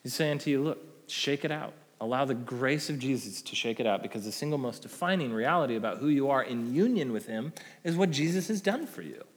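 A male pastor giving a conversational sermon, tagging points with "right?", rising to emphatic peaks and dropping to soft endings. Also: mid-range voice, expressive, fairly quick. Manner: conversational preaching with frequent "right?" tag questions. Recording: long hall reverb.

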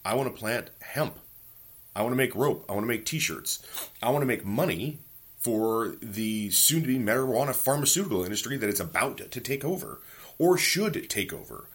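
A man's voice: medium pitch, moderate pace, husky. A man in his forties hosting a podcast, talking in a casual, profane, ranting monologue and telling stories from home. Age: 40s. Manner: profane, ranting, animated storytelling. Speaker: podcast host.

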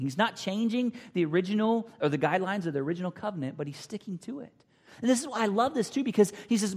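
A man preaching a sermon, emphatic and repetitive, swinging between loud declarations and near whispers. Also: high voice. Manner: emphatic, repeats phrases, drops to near whispers. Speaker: pastor. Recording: long hall reverb.

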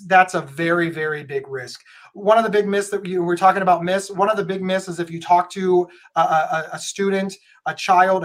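A man giving earnest, emphatic advice in a conversational style, often restarting his words. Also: high-pitched. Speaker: guest speaker on mental health.

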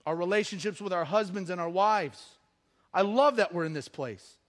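High-voiced man preaching a conversational sermon. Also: moderate pace, fairly bright tone. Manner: conversational, humorous, rising to emphatic bursts. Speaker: pastor.

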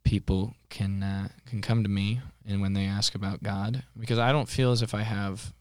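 Earnest low-voiced young man. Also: little pitch movement, clean tone, no echo, clean studio sound. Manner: earnest, reflective, halting. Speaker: podcast co-host. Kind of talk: casual chat.

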